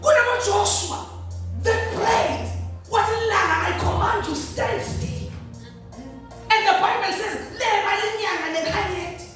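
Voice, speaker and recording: A woman's voice: very high voice, a little slow, fairly bright tone, faint music behind. A woman pastor preaching a sermon, pressing her listeners with emphatic repeated questions. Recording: echoey hall from far off.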